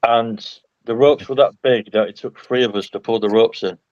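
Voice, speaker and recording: A man's voice: medium pitch, fairly even intonation, normal speed, a little mellow, no echo. A middle-aged man who talks bluntly and plainly, chatting as a panel guest on a video call. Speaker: panel guest, ex-army dock worker. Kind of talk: casual chat on a livestream. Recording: dull, muffled call audio.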